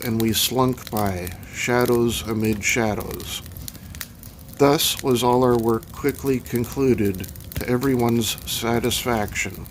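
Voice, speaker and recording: A man narrates a horror novel in a slow, measured, reflective way. His voice sits at an ordinary middle pitch, with faint noise behind it. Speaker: audiobook reader.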